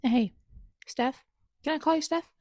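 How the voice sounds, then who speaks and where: A woman with a fairly high voice talks through a book as she reads it, reacting with dramatic outbursts aimed at the author. Now and then she drops to a whisper. The sound is dry and close, with no room echo. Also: a little slow, a little mellow. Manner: dramatic, exclaiming at the author, sometimes dropping to a whisper. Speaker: book vlogger. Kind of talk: casual live reading reactions.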